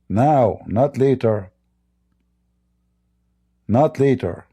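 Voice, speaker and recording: A man's voice: medium pitch, drawn-out words, pauses often, dark tone. A man hosting a live debate stream, blunt and mocking, speaking English with non-native grammar. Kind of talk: combative live-stream talk.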